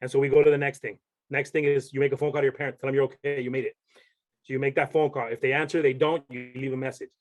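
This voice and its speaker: A man's voice: mid-range voice, little pitch movement, quick pace. A young man, a podcast guest, telling a story in casual chat and rambling with many restarts.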